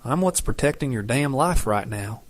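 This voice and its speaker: A man voicing a guarded, gruff young male shapeshifter in an audiobook, speaking in curt growls. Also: mid-range voice, expressive, moderate pace, noisy background, natural voice. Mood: gruff, tense.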